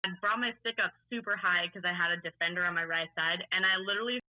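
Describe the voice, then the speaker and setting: A woman's voice: on the low side, fast, no echo. A woman in her twenties from Long Island, New York, with a faded Long Island accent, telling stories as a guest in a casual podcast chat, full of fillers and laughs. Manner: chatty, filler-heavy storytelling with laughs. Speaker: guest, lacrosse player and coach. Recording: tinny phone-line sound.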